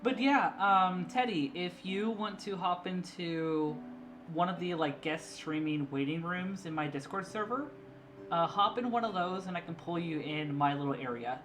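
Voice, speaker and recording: A man's voice: high voice, normal speed. A young man streaming casually, chatty and eager to explain, laughing often. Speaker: streamer and artist. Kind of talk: casual live-stream chat. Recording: clear background music.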